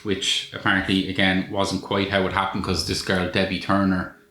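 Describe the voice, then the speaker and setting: A man's voice: low-pitched, monotone, normal speed, sharp tone. A man co-hosting a podcast, reviewing a film in a casual, wry and sweary way. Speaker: podcast co-host. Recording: echoey room with faint noise.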